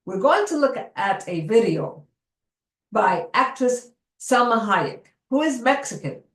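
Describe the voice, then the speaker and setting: A woman speaker and coach with a Spanish accent, giving a motivational talk to camera in a slow, deliberate way. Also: a little high, very animated, a bit bright. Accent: Spanish-accented English. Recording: echoey room.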